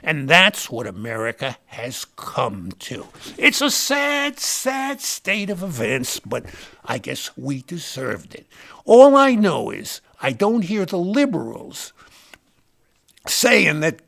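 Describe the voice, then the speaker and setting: A man's voice: a little high, wildly swooping pitch, slow pace, gravelly, a bit bright, heavily acted. An actor playing a boastful male Republican party insider in a satirical comedy rant, rambling and name-dropping toward each punchline. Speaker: comic character monologue.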